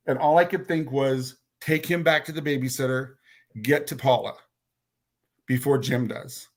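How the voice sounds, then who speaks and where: Speaking at a fairly high pitch, this man shares a personal story on a podcast in a blunt way, with a bit of swearing. He trips over words, repeats himself, and performs what others said as dialogue.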